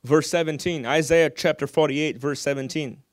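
A man's voice: a little high, steady tone, normal speed, dry recording, studio quality. A man preaching a sermon, calling out to his congregation for amens.

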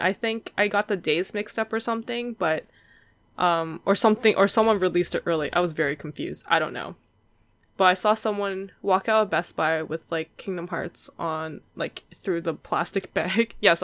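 A young adult woman appears as a guest collector in a casual chat, telling stories with frequent laughter and acting out other people's voices. Her voice sits on the low side with a fairly bright tone, and there's no echo.

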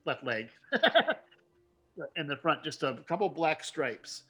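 A man running a tabletop game as game master, narrating haltingly with frequent laughs. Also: fairly high pitch, big pitch swings, pushed and bright, husky. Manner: halting, laughs often, many fillers.

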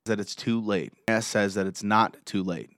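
A man excitedly recapping a show episode scene by scene, gushing like a fan. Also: lowish voice, moderate pace, no echo, studio quality.

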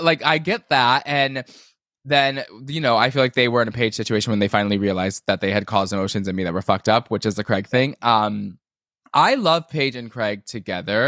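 Gossipy, animated man on a podcast. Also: medium pitch, brisk, no echo, studio quality, soft background music. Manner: animated, gossipy, swears freely. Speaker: podcast co-host. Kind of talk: casual chat.

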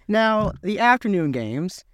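A man's voice: high-pitched, a bit bright. A man co-hosting a sports podcast in casual chat, hesitant and full of fillers, with breezy slang. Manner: hesitant, lots of uh and I don't know, breezy slang. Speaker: podcast co-host.

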